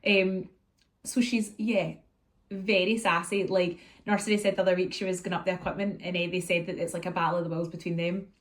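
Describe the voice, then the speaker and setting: A woman with a Scottish accent chatting casually to her viewers, telling animated stories and acting out what was said. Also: on the low side, fast talker. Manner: chatty and animated, acts out scenes and quotes her kids. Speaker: vlogger catching up with viewers. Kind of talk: casual chat, storytelling.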